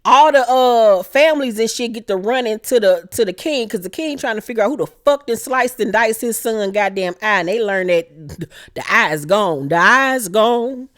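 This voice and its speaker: Profane, animated woman recapping a show. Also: on the high side, moderate pace. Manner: animated storyteller who acts out the characters' lines; heavy swearing, slangy. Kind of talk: profane casual episode recap.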